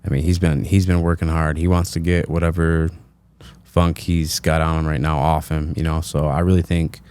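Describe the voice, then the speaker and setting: A man's voice: rumbling low, level tone, moderate pace, darkish tone, smooth. A man, a fighter on a podcast panel, talking fights in a rambling way, leaning on filler phrases. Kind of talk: casual fight-breakdown chat.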